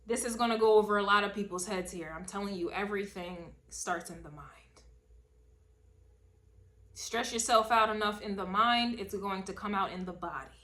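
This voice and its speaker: A woman giving a casual spoken tarot reading, emphatic and slangy, repeating a refrain and swinging between loud bursts and low asides. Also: moderate pace. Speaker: tarot reader.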